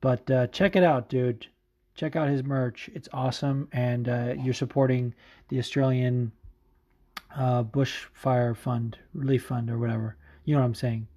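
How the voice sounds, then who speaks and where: Male podcast host, casual and profane, late-night tired, average pitch. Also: measured pace. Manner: profane, excitable, says dude a lot.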